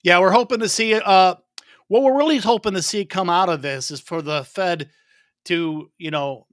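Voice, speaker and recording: Male mortgage lender, regular guest; measured, dry close-mic sound. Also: sits high, no echo. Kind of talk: casual interview answers.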